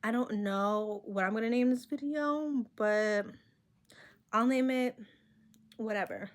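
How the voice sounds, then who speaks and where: A woman's voice: a little high, slow. A young woman vlogger with a slight accent of her own, talking to her camera in a rambling, candid and self-conscious way. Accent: own non-American accent. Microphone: camera mic.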